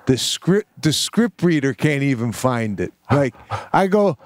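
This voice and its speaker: Male podcast co-host, animated storyteller, mid-pitched, dry close sound. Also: a little slow, dry recording. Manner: animated, dramatic retelling with acted-out quotes. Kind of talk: casual storytelling chat.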